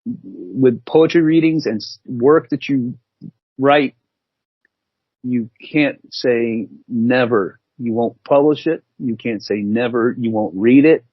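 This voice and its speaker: As a guest on a podcast, a writer and editor tells an anecdote in a mid-range, slightly breathy voice, speaking slowly. The lo-fi recording has no echo, and he laughs at himself throughout this casual, self-deprecating story.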